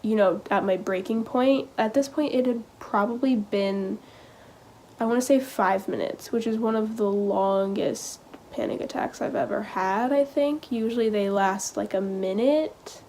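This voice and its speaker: A teenage girl vlogging, telling a personal story in a halting, casual way full of "like" and "um.". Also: mid-range voice, mellow, a little hiss or hum. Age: teens. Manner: hesitant, halting, heavy use of "like" and "um".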